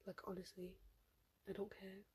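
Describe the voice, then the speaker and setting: A woman's voice: medium pitch, completely flat delivery, normal speed, darkish tone, husky. A seventeen-year-old girl hosting her own podcast, chatting casually and rambling with lots of fillers. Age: teens. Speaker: podcast host. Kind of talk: casual solo podcast chat.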